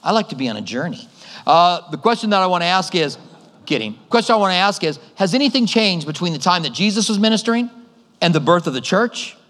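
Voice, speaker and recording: Preaching in a big, reverberant hall, a middle-aged male pastor tells stories in a conversational way and voices the other characters himself. He speaks fairly quickly in a high, somewhat bright voice with lively intonation.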